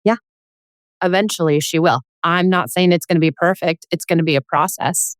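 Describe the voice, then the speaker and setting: A woman with a lowish voice coaches a parent in a frank, earnest way, sometimes acting out a child's side of a scene. The sound is dry and close, with no room around it. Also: steady tone, moderate pace, dry recording. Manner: earnest, direct, acts out scenes with kids. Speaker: parenting coach and podcast host. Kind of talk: coaching conversation.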